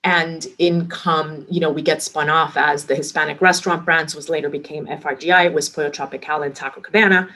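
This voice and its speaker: Middle-aged woman guest, restaurant executive, slightly low voice, animated anecdotes. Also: a little fast, hardly any pauses. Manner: lively anecdotes acting out quoted dialogue. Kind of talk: casual interview storytelling.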